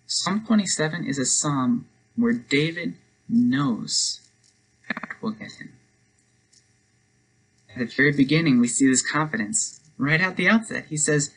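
A man's voice: a little high, measured pace, pauses often, fairly bright tone, breathy edge, poor audio. A man preaching a devotional sermon, telling a story earnestly and then leading a prayer. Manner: earnest storytelling, speeds up for quoted lines.

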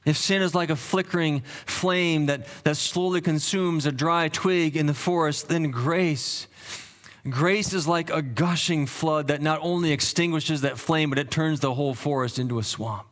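A man's voice: a little high, moderate pace, fairly bright tone. A male pastor preaching an expository sermon, earnest and explanatory, often restarting his sentences as he works through word meanings.

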